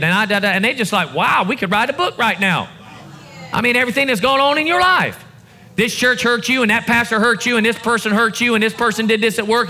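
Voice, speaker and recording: High, bright-voiced preaching man. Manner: preaching with rising call-and-response emphasis. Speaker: pastor. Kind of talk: sermon. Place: church service before a congregation.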